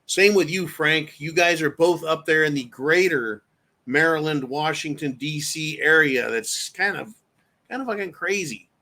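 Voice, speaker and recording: A man rants on his own live show in a profane, combative way, his slightly high voice pushed forward and bright with force. He talks straight to his viewers and breaks off to read their comments aloud. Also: animated, unhurried. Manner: reads viewer chat aloud. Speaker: show host. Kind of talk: live-stream commentary rant.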